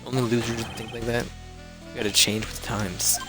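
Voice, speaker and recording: A man's voice: mid-range voice, level tone, moderate pace, close to an everyday voice. A man voicing a smug, cool male prosecutor who talks in sayings, with game music behind. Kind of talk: reading game dialogue aloud.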